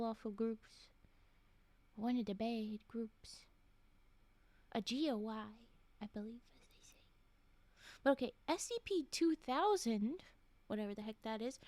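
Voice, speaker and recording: High-voiced woman reading spooky stories. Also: darkish tone, no echo. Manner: chatty, reads aloud and breaks off to react and answer chat; laughs often, drops into whispered asides. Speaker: streamer reading horror stories. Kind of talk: casual live-stream story reading.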